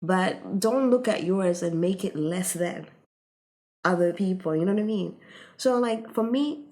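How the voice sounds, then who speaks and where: A woman's voice: lowish voice, a little slow, dark tone. A woman in her late twenties, a podcast guest chatting casually and animatedly, laughing often and using many fillers. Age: late 20s. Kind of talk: casual interview chat.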